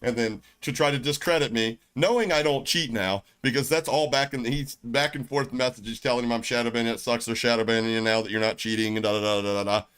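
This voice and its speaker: A man's voice: medium pitch, fairly even intonation, fast, hardly any pauses, fairly bright tone, clean tone. A middle-aged man with a Southern US accent, ranting brashly and profanely on his livestream. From United States. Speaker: streamer. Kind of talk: casual livestream rant.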